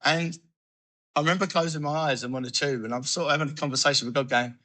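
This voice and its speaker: A man giving a personal recovery testimony, telling his story in an animated way and acting out his own thoughts. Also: a little high, fast. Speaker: recovery speaker.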